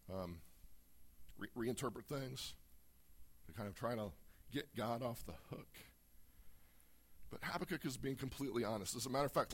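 A man's voice: medium pitch, a bit bright, breathy edge. A man preaching a sermon as a pastor, reading scripture aloud and explaining it in an earnest, emphatic way.

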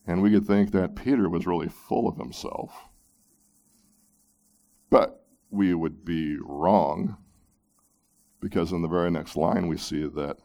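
A man preaching a sermon, reading scripture aloud and commenting on it, moving between loud emphatic peaks and hushed low phrases. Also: measured pace, creaky, pauses often. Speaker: pastor.

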